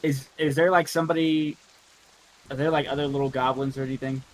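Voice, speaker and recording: A man playing a tabletop game, asking hesitant questions with halting restarts. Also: mid-range voice, little pitch movement, low-quality recording. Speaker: player.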